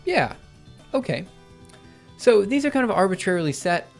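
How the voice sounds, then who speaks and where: A young man talks through his code on a live stream, full of ums and quick self-corrections. His voice sits a little high and sounds a bit worn, as if he is losing it. Faint music plays under the clatter of keyboard typing. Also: big pitch swings. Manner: thinks aloud with many fillers and self-corrections. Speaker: livestreaming programmer. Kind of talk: casual live coding commentary.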